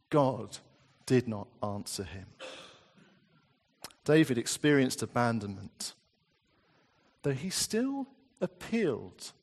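A man preaching a sermon, reading scripture slowly and deliberately with emphatic rises. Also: mid-range voice, big pitch swings. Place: church. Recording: long church reverb.

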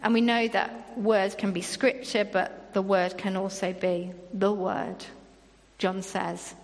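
A woman's voice: mid-range voice, flat delivery, slow, in a large hall. A woman preaching a sermon in an earnest manner, reading scripture aloud between her own remarks.

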